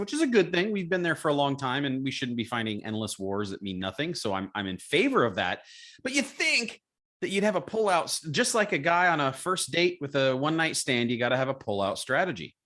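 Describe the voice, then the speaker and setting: A man's voice: medium pitch, very animated, quick pace, few pauses, fairly bright tone. A man co-hosting a comedy podcast, teasing and sarcastic in casual chat. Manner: teasing, sarcastic, laughs along. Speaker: podcast co-host.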